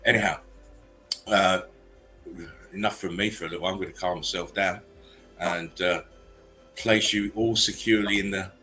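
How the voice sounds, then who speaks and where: A man's voice: sits low, fairly even intonation, moderate pace, long pauses, bright, forceful tone, soft background music. A man hosting a livestream chat show, talking in a loose, chatty way and laughing easily. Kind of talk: casual chat.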